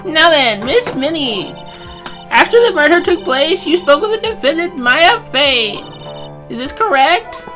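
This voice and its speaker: A woman's voice: sits high, lively intonation, measured pace, bright, forceful tone, faint music behind, exaggerated voice. A woman voicing a haughty young woman prosecutor who barks curt orders in a game fan dub. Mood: imperious.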